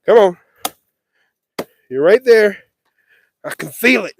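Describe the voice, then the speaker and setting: Dude streaming off his phone out on the farm, high voice swinging all over, kinda out of breath, goofy and self-deprecating. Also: expressive, slow, vocal fry, no echo. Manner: jokey self-mocking chatter while working outdoors. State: out of breath and sweaty. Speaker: livestreamer. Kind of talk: casual live vlog. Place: outdoors on a farm property, windy. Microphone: phone held or carried while working.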